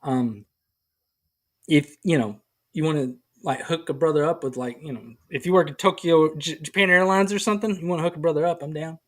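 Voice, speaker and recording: A man's voice: fairly high pitch, brisk. A man co-hosting a podcast in casual comedic chat, rambling and self-mocking and laughing often. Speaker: podcast co-host. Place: podcast recording.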